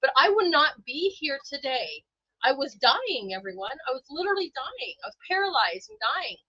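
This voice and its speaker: A woman hosting a casual podcast, with a bright, somewhat high voice. She talks in an emotional, animated way. The sound is dry and slightly dull. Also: moderate pace, no room sound. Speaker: podcast host.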